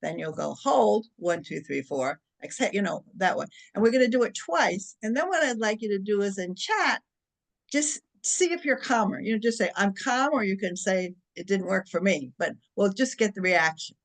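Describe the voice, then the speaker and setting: A woman's voice: mid-range voice, lively intonation. Woman walking folks thru a breathing exercise on a webinar, friendly, instructive. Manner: friendly, instructive, counts slowly. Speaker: webinar presenter.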